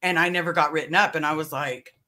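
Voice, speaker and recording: A guest in a casual conversational chat, telling stories bluntly and swearing casually. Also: female voice, sits low, quick pace, bright, forceful tone.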